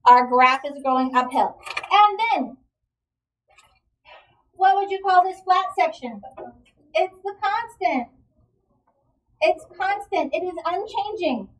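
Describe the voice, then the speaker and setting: A woman with a high, bright voice walks a class through a math lesson, asking questions and praising the answers. She sounds a little far from the mic, as in a classroom recording. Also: animated, slow, long pauses. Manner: encouraging, checks in with questions. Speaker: math teacher. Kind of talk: classroom lecture.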